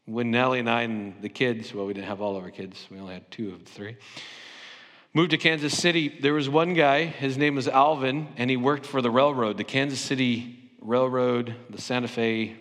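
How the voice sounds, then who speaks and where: A man's voice: mid-range voice, fairly quick, a bit bright, big-room sound. A middle-aged man from Southern California preaching a sermon in a conversational, anecdotal way with self-deprecating humor. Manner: acts out imagined interviews with playful voices. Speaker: pastor. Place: church sanctuary.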